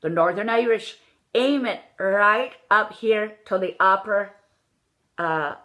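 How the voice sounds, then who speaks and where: A woman's voice: medium pitch, slow pace, a bit bright. Woman, mid-range voice, accent coach in a lesson, demonstrative, drills words by repetition. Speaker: dialect coach.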